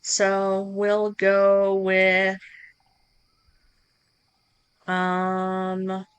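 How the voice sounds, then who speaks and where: A woman streamer walking her viewers through streaming software in a relaxed, chatty live tutorial, talking into a close microphone at her home setup. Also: mid-range voice, very slow, smooth. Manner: relaxed, chatty explaining with asides to chat.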